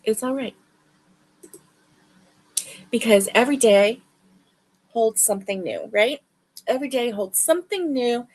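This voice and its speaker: A woman's voice: fairly high pitch, expressive, a little slow, long pauses, darkish tone. A woman hosting a crochet livestream, chatting casually with viewers. She sounds tired and yawns, but keeps up friendly, chatty greetings. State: tired and yawning. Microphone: livestream webcam mic.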